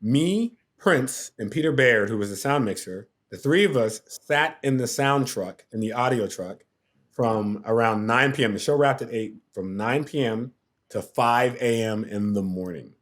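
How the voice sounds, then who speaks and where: Animated storytelling man, mid pitch. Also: unhurried. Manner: animated, acts out quotes and sound effects. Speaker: podcast guest, TV producer. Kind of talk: casual storytelling.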